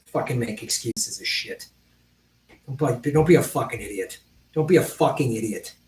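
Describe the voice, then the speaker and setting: Male political streamer, higher-pitched, blunt and profane, roomy and slightly distant sound. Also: moderate pace, a little mellow. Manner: blunt, profane, talks directly to chat viewers. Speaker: political livestream host. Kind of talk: livestream commentary.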